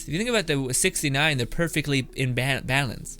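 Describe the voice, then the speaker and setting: A man's voice: medium pitch, brisk, pushed and bright. A man reacting to internet memes in casual commentary, laughing often, swearing, and rambling off into asides. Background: background music.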